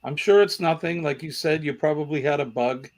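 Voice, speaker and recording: A man's voice: on the high side, fairly quick, darkish tone. A man with a Boston accent hosting a casual trivia livestream, chatting and reading out viewer comments. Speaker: trivia show host.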